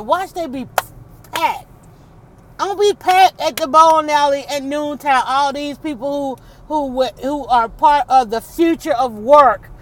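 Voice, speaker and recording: Chatty woman vlogging from her car. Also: high voice. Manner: chatty, rambling, addresses viewers as y'all. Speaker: podcast host. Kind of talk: casual vlog talk while driving. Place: in a car on city roads.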